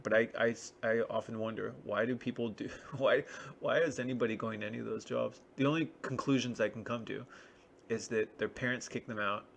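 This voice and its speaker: A man's voice: medium pitch, fairly even intonation, a little fast, vocal fry, a bit bright, a little hiss or hum. A man talking in a rambling, wry, self-deprecating solo monologue. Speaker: vlogger.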